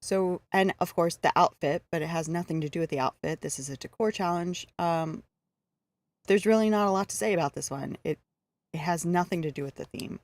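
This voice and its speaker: A woman's voice: lowish voice, brisk, no echo. Woman, game streamer, casual live commentary, easygoing, lots of fillers, dry sound. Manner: easygoing, hesitant with frequent fillers.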